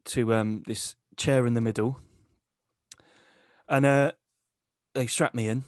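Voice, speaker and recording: A man co-hosting a comedy podcast, telling a crude, deadpan tall tale. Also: mid-range voice, slow pace, no room sound, clean studio sound. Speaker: podcast co-host. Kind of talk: comic storytelling.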